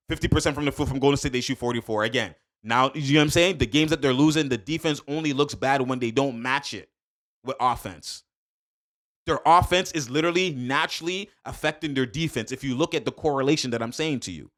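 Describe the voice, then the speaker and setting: A man giving a casual, emphatic basketball breakdown, full of slang, repeating points and talking straight to his viewers. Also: medium pitch. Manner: emphatic, fired-up, heavy slang, addresses viewers directly. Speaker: sports commentator.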